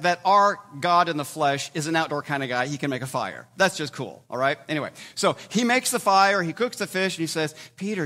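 A man preaching a sermon in a conversational way, with sudden loud emphatic bursts between quieter stretches. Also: medium pitch. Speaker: pastor.

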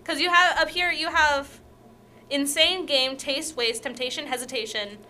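Woman co-host, very bright, playful, teasing banter. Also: sits high, fairly even intonation, moderate pace, slight background noise. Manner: playful, teasing, echoes her partner's words. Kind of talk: casual chat.

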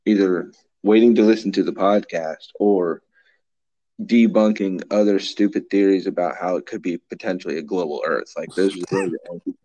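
A man's voice: sits low, fairly even intonation, a little fast, warm tone, no room sound, lo-fi sound. A man co-hosting a casual comedy podcast, joking around, laughing often and riffing silly mock ads. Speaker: podcast co-host.

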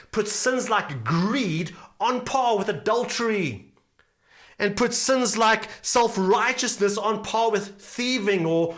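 A man's voice: high-pitched, a bit bright. A male pastor preaching a sermon earnestly, repeating key phrases for emphasis.

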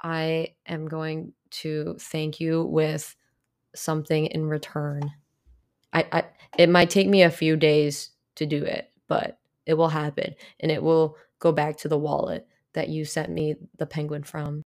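A woman's voice: sits low, fairly even intonation, measured pace. A young woman hosting a casual solo podcast, rambling and apologetic, full of restarts and fillers. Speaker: podcast host.

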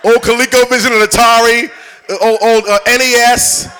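A high-pitched man with a bright, forceful tone preaches a sermon in church. He swings from chatty, laughing storytelling aimed at the congregation into loud, fervent preaching. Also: level tone, a little fast, smooth. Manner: conversational storytelling building to shouted preaching. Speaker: bishop preaching.

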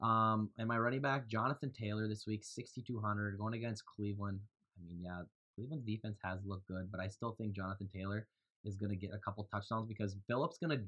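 A man casually talking through his fantasy football picks on a podcast, loose and quick to laugh. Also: lowish voice, fairly even intonation, fairly bright tone. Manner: laughs easily, loose and joking. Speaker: podcast co-host.

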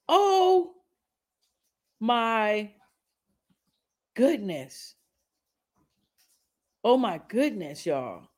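A woman talks through reaction commentary in a somewhat high voice. She sounds outraged and emphatic and swears a lot. Her pitch swings widely as she stresses her words. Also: lively intonation, moderate pace.

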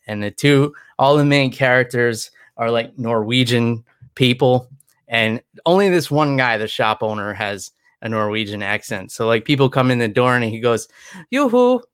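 A man's voice: mid-range voice, normal speed, a bit bright, clear, resonant tone, no room sound, studio quality. A tired man chatting loosely as a podcast co-host, rambling with many restarts. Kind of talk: casual chat.

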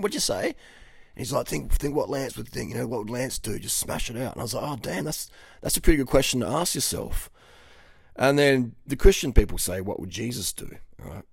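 A man coaching in a blunt, profane, casual monologue that swings between loud and quiet. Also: mid-range voice, no echo, clean studio sound. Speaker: fitness coach.

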